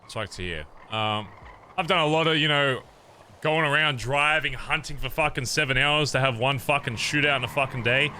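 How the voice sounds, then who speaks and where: A man's voice: medium pitch, moderate pace, pushed and bright, slight background noise. A man in character as a biker club leader in a game role-play, swearing constantly and rambling with many fillers.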